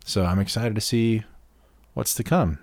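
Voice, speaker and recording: A man's voice: lowish voice, normal speed, dry recording. A man co-hosting a podcast, talking in a loose, eager, rambling way full of fillers and restarts. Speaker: podcast co-host. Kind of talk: casual podcast chat.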